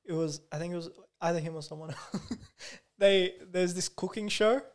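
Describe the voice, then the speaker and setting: Young guy on a podcast, kinda high voice, swears a lot and keeps laughing. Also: moderate pace. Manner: laughs often, profane and teasing. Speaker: podcast co-host. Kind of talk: casual chat.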